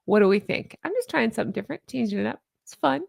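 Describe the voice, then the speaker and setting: A woman hosting her own commentary channel, talking casually into her microphone in an animated, sarcastic and rambling way. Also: mid-range voice, rapid-fire, gravelly, no room sound, studio quality.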